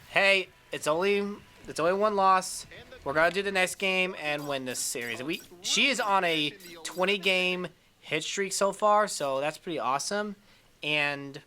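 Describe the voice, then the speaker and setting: A man commentating his own baseball video game play, chatty and quick to shout when a big hit lands. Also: on the high side. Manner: excitable, shouts at big plays. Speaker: gaming commentator.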